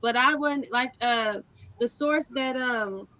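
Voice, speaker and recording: A woman defending her argument as a debate guest, speaking in a measured way with frequent hesitant fillers. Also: fairly high pitch, pushed and bright, no echo, low-quality recording.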